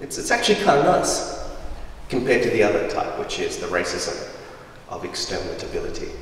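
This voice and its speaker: A young man from Afghanistan giving a lively, humorous storytelling talk as a guest speaker in a school hall, heard through a distant microphone. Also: fairly low pitch, brisk, a little hiss or hum. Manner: lively, humorous, acts out voices of people in his stories. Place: large school hall with audience. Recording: roomy echoey hall from far off.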